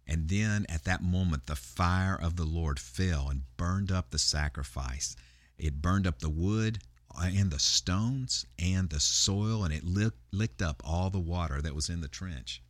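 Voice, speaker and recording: A man's voice: low-pitched, measured pace, no room sound. A male pastor retelling a Bible story in a sermon, talking conversationally with frequent fillers and restarts.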